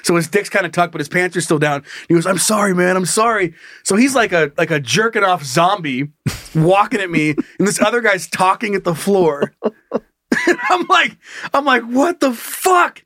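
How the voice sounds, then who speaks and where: A high-pitched man tells a story in casual chat, animated and laughing as he goes, swearing freely. The recording is dry and close. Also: brisk, dry recording.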